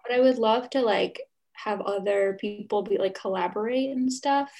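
A young woman joins a podcast as a guest, speaking at an ordinary pitch. She talks casually and hesitantly, trailing off often and filling gaps with 'like' and 'um'. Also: normal speed, gravelly, a little mellow. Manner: hesitant, trailing off, many fillers. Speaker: guest, illustrator. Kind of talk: casual chat.

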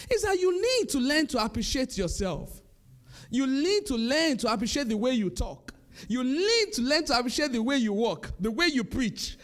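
A middle-aged male pastor preaching an animated sermon, repeating his points with chuckles. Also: very high-pitched.

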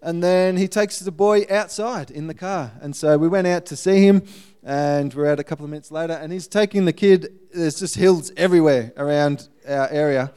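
A man giving a guest sermon, telling a missionary story in a lively way and acting out the people in it. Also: a little high, moderate pace, clean tone.

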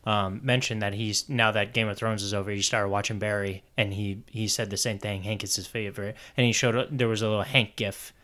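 Low-voiced friendly man chatting. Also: steady tone, fairly quick, few pauses, sharp tone. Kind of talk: casual chat.

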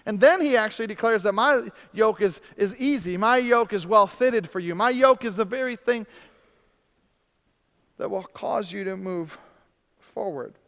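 High-voiced preacher man in reverberant church. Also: measured pace, creaky. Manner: swings between emphatic preaching and hushed, intimate asides; humorous self-deprecating asides. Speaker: pastor. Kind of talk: sermon.

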